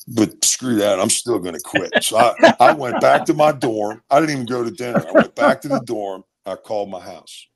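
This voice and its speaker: A man's voice: medium pitch, normal speed, creaky, hardly any pauses. A middle-aged man from Maryland, a former college football player, telling stories casually and acting out other people's voices. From Maryland, USA. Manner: animated storyteller who acts out other voices. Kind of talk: casual storytelling.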